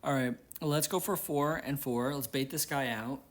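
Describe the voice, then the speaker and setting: A man's voice: mid-range voice, normal speed. A young man hosting a game channel, rambling and exasperated as he vents about work while playing. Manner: rambling, exasperated, repeats himself. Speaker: gaming channel host. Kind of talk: casual gameplay commentary with venting.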